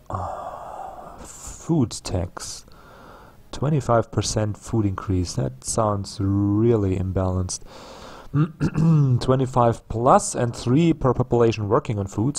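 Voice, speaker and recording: Slow-talking, musing gameplay commentator man. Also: lowish voice, gravelly, warm tone. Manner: unhurried, musing aloud with many ums and restarts. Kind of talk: casual let's play commentary.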